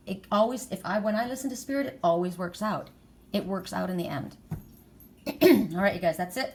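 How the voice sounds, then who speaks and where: A middle-aged woman giving a spiritual oracle card reading, talking in an emphatic, repetitive, encouraging way. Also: on the low side.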